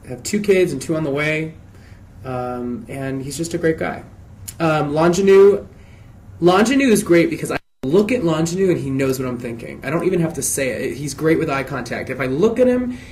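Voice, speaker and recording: A man with a mid-range voice talks through fan questions in an easygoing, casual Q&A. He reads each question aloud, then answers in an expressive, chatty way that often circles back and restarts. A faint hum sits under his voice. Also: medium pitch.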